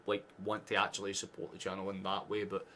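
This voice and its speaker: A man's voice: sits low, completely flat delivery, fast, bright, forceful tone, a little hiss or hum. A Scottish man hosting a live football watchalong, chatting casually with sarcastic asides and frequent swearing. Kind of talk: casual live match chat.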